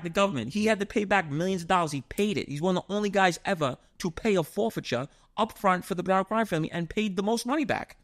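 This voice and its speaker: A middle-aged man with a New York accent, telling stories as an interview guest, animated and swearing often. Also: high-pitched, quick pace, few pauses. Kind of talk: casual storytelling.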